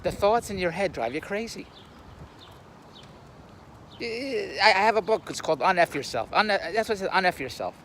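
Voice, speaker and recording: A man's voice: high voice, lively intonation, moderate pace, pauses often, a bit bright, a little hiss or hum. An older man giving a blunt, rambling monologue to a camera on a tripod, repeating words and laughing at his own jokes. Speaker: YouTube commentator.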